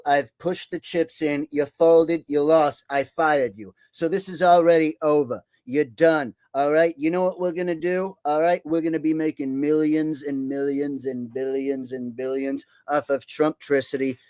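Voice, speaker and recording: A man's voice: on the high side, a little mellow, smooth, no echo, natural voice. A man doing an impression of a boastful, blustering older male president who repeats himself and bullies his listener. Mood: domineering. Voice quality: repetitive, bragging, bullying cadence.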